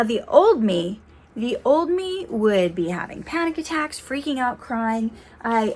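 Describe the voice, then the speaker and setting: A young woman with a slightly high voice talks straight to her viewers in a casual motivational vlog. She is earnest and encouraging, speaking about faith and trust. Her sentences often restart as she gathers her thoughts. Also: a little hiss or hum. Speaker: motivational vlogger.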